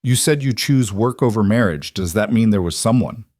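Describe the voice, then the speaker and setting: A man's voice: on the low side, lively intonation, normal speed, a little mellow, no echo, clean studio sound. A man voicing a blunt, grieving widowed cowboy who speaks tersely, read as a storybook.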